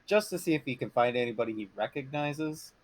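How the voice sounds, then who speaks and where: A man playing a tabletop game, laid-back, tossing in quick quips. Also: medium pitch, animated, no room sound, low-quality recording. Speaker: player. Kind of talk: casual tabletop game chat.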